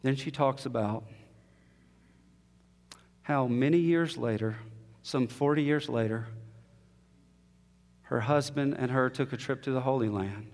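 A man's voice: mid-range voice, unhurried, long pauses. Man preaching in a reverberant hall. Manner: storytelling, rising to emotional peaks then dropping soft. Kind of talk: sermon.

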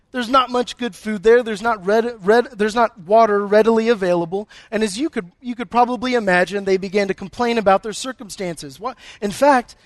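A man's voice: high-pitched, no echo. A male pastor preaching a conversational sermon, telling stories with humor and often repeating words as he goes.

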